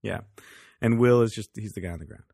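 A man co-hosting a podcast chats casually about a TV show, laughing often and acting out the characters' lines. His lowish voice is fast, with vocal fry, a little mellow and slightly rough. The recording is dry with clean studio sound.

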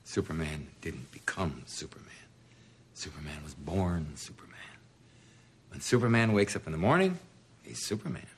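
Brief: a low, gravelly, husky movie killer, calm and musing, slow and deliberate. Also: male voice, a little hiss or hum. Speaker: film character in a played intro clip. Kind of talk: film dialogue.

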